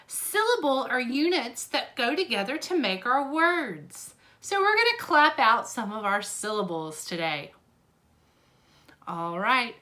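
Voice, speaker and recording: A woman teaching a lesson to preschool children, talking in a slow, encouraging sing-song way. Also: on the high side, sharp tone. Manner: sing-song, encouraging, speaks slowly and clearly to young children.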